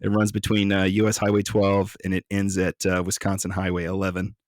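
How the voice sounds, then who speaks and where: A man's voice: low voice, brisk, no echo, clean studio sound. A man co-hosting a podcast in casual, joking talk, swearing freely. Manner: joking, profane, relaxed. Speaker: podcast co-host.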